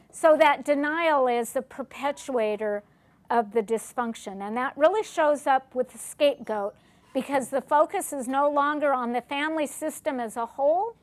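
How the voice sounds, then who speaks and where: Woman lecturer, high voice, questioning. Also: normal speed. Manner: asks the audience questions, acts out short dialogues. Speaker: lecturer on family recovery. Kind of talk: classroom lecture.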